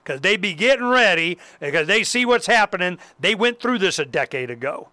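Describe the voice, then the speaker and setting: A man hosting a casual talk show, ranting in an animated, profane way. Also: high-pitched, brisk, no room sound. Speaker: host. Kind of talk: casual chat.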